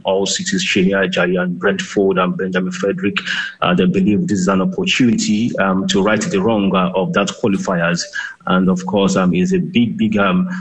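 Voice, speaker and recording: A man reporter giving a live report in a halting way, full of fillers. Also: low-pitched, slightly rough, rough recording.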